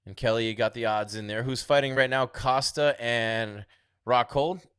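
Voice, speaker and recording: A man's voice: medium pitch, steady tone, moderate pace, smooth, no echo, studio quality. A man hosting a casual live stream, reading viewer comments and chatting about an upcoming fight. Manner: chatty, reads viewer comments aloud, trails off quietly. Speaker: livestream host reading chat.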